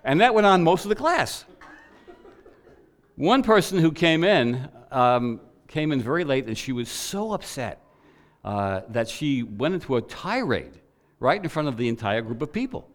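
A man preaches to a church congregation and builds his message from a personal story. He tells it in an animated way and acts out the voices of the people he met. His voice sits in an average range for a man. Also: medium pitch, measured pace.

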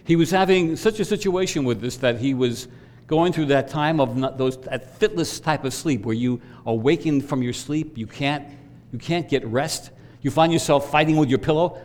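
A middle-aged pastor with a fairly high, slightly mellow voice preaches a sermon in a church sanctuary, the recording carrying long reverb from the hall. He's earnest, growing more emphatic as he poses questions to the congregation.

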